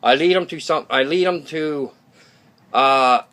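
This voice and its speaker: A man with a fairly high, fairly bright voice addresses his channel viewers unhurriedly as a YouTube host. His casual monologue is blunt and rambling, with frequent restarted sentences, check-ins of "okay?", and some mild swearing.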